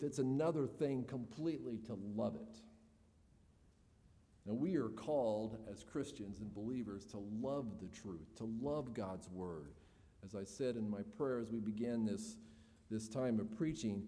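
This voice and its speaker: A man's voice: mid-range voice, dark tone. Man preaching in a reverberant hall. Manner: earnest expository preaching, rising emphasis on key points. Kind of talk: sermon.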